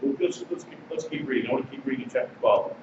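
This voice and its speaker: A man's voice: mid-range voice, fast. A man preaching a sermon as pastor, talking to the congregation in a conversational way and reading passages aloud. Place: congregation sanctuary. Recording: distant mic, echoey sanctuary, dull and noisy.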